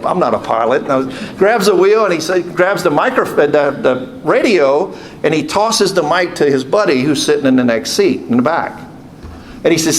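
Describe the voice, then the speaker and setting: A man's voice: fairly high pitch, slight background noise. A man, a deacon telling a rambling story in a homily and repeating "he said" as he goes. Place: church.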